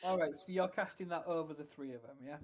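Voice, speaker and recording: A man's voice: a little high, quick pace. A man narrating as dungeon master in a tabletop game, hesitant and full of "kind of" and "um".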